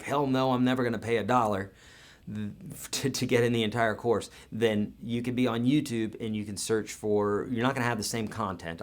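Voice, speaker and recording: A man teaching guitar in a live online lesson, talking casually and encouragingly with everyday comparisons. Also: on the low side.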